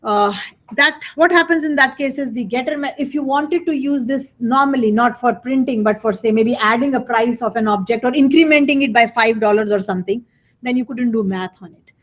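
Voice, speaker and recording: A woman's voice: on the high side, fairly quick. Chatty woman lecturing a programming class. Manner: conversational, repeats phrases, asks rhetorical questions. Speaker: college programming instructor.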